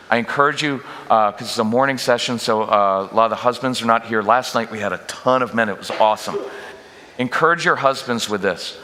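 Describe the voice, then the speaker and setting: A man giving a lively parenting workshop to a church audience, joking and acting out what parents and kids say. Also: mid-range voice. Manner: energetic, jokey, acts out quoted parents and kids. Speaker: guest parenting speaker. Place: church auditorium. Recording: long reverb of a large church hall.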